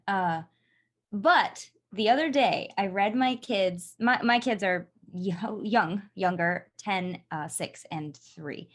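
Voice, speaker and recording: A woman's voice: mid-range voice, slow. A woman in her thirties co-hosting a casual podcast, affirming and chatty, with frequent restarts. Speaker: podcast co-host.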